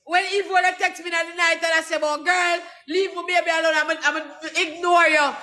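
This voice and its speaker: A young Jamaican man in an angry, profane rant, shouting and cursing in rapid patois. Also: extremely high pitch, little pitch movement. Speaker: social media personality.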